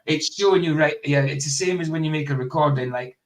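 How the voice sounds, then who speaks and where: A man's voice: on the high side, fast. A man hosting a casual chat over a remote call, laughing often and stumbling over his words. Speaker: host.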